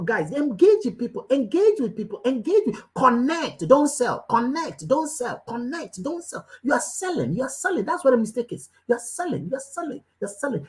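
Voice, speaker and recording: A woman's voice: on the high side, very animated, fairly quick, few pauses, warm tone, poor audio. A woman giving a motivational business talk as a coach, hammering home short commands and firing questions straight at her listeners. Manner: emphatic, repeats short commands again and again; preachy, questioning the listeners directly.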